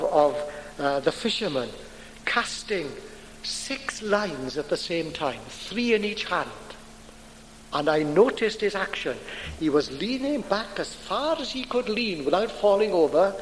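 A man preaches a sermon at an unhurried pace, leaning on single words and letting pauses hang. His voice sits a little high for a man. It carries with a long church reverb over a faint background hiss. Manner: deliberate, emphatic delivery with dramatic pauses.

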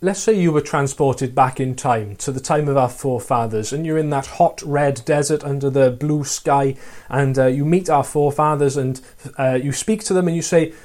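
Earnest male preacher, mellow voice. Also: medium pitch, moderate pace. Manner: earnest, asks rhetorical questions, reads scripture aloud. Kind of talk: sermon.

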